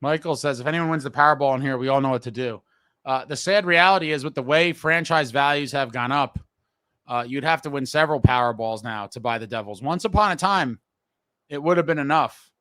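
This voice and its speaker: Frustrated fan host, bright dry voice. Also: male voice, medium pitch, a little fast, smooth, dry recording. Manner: frustrated, blunt, swears casually. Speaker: podcast host reading viewer comments. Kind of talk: casual live-stream talk.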